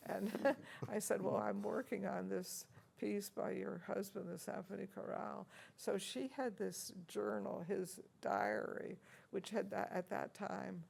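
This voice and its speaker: Her voice is mid-range, gravelly, husky, and darkish, with little pitch movement. An older woman who plays the organ, she tells chatty stories of past encounters in an interview set in a university room, laughing often and using plenty of fillers. She talks a little slowly and pauses only rarely.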